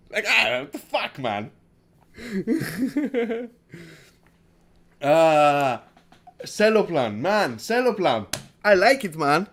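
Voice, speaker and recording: Male crypto stream host from Greece, loose rambling chat, repeats himself, swears, fairly high-pitched. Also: big pitch swings, slow pace, pauses often, a bit bright. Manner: rambling, repeats words, swears, laughs often. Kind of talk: casual livestream chat.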